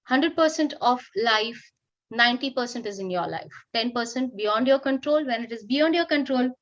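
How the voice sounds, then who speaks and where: A woman's voice: a little high, expressive, moderate pace, highs cut off. A middle-aged woman with an Indian English accent, coaching teachers in an upbeat online workshop. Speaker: teacher trainer. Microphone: video call.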